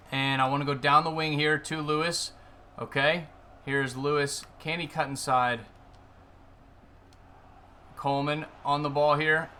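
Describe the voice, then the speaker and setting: A man commentating his own football video game match, swinging from calm play-by-play to excited yelling. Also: mid-range voice. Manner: excitable, screams at goals, then deflated and muttering. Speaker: gaming YouTuber. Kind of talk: live gameplay commentary.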